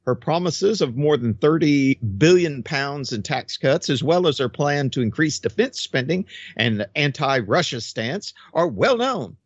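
A man's voice: fairly high pitch, lively intonation, a little slow, no echo, muffled recording. A man giving sarcastic political commentary, mocking his subject and laughing at his own jokes. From United States.

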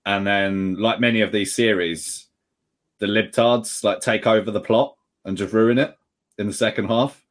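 A man with a lowish voice joins a casual film chat. He speaks haltingly, stopping and restarting his sentences. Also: steady tone. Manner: halting, hesitant. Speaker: panelist.

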